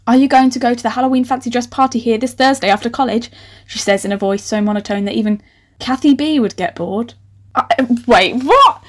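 Sarcastic young woman, a little high. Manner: incredulous, sarcastic asides with sudden squeals. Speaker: podcast host reading her old novel. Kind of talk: comic reading with commentary.

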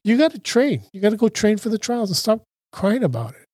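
A man voicing his gruff, blunt father, who curses and scolds his crying son. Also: high-pitched, very animated, fairly quick, a little mellow, no echo, clean studio sound, pitched above the performer's own voice, heavily acted. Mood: stern.

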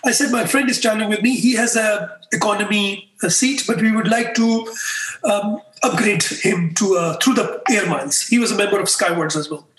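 A man's voice: sits high, normal speed, distant mic, slight background noise. A man, a guest in an interview, telling a story and acting out the dialogue in it. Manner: animated, acts out dialogue in the story. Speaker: guest, customer experience expert. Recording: echoey room.

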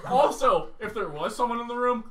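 A man's voice: very high voice, lively intonation, a little fast, distant mic, crowd noise. A young man co-hosting a podcast, telling a story casually and animatedly, swearing and laughing as he goes. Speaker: podcast co-host.

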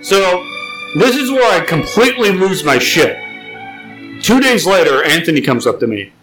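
A man's voice: sits high, normal speed, faint music behind, low-quality recording. A man co-hosting a casual podcast, telling a profane workplace story and acting out the other people's lines. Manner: profane, animated storytelling with acted-out quotes. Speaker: podcast co-host.

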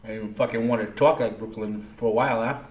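A man's voice: lowish voice, steady tone, quick pace, reverberant, poor audio. A man co-hosting a podcast, telling stories in casual chat, full of swearing and laughter. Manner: profane, laughing storyteller. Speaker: podcast co-host.

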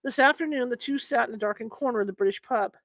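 A woman's voice: on the high side, quick pace, a bit bright, no room sound. A woman reading a book aloud in a casual, unpolished way, sometimes correcting herself. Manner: informal, stops to correct herself and apologize mid-reading. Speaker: reader.

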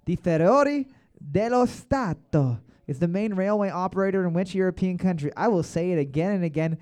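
A man's voice: high-pitched, expressive, moderate pace, a little mellow. A man hosting a bar trivia night, reading each question twice and joking between rounds. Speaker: trivia host.

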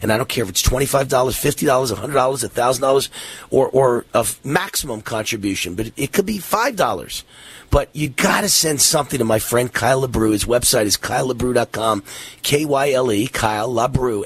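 A worn-out, breathless man runs his radio talk show, his voice a little husky. He rambles eagerly from one plug to the next, stumbling through fillers and restarts. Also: medium pitch, fairly quick, no echo. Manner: rambling, energetic, many fillers. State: out of breath, tired.

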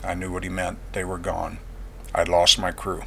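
A man's voice: low voice, completely flat delivery, normal speed, gravelly, a little hiss or hum. Earnest man telling his testimony. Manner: earnest, plain-spoken, dropping quiet on painful memories. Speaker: veteran giving testimony. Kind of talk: personal testimony storytelling.

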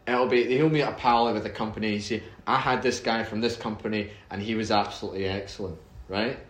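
A man's voice: lowish voice, steady tone, a little fast. A man co-hosting a casual podcast, easygoing and rambling. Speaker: podcast co-host. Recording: echoey room.

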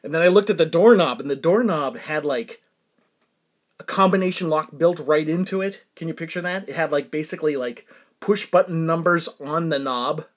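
A man's voice: fairly high pitch, moderate pace. A man with a New England accent, hosting a podcast and telling a rambling, self-amused story, often chuckling and dropping to a mutter for asides. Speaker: podcast host. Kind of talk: casual storytelling monologue.

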